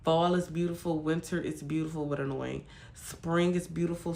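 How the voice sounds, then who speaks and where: A woman from Michigan hosts a casual livestream chat with a gravelly, fry-laden voice. She talks bluntly to her viewers and curses freely. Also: low-pitched, fairly even intonation, normal speed, a little mellow, a little hiss or hum. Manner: blunt, profane ranting to viewers. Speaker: livestream host.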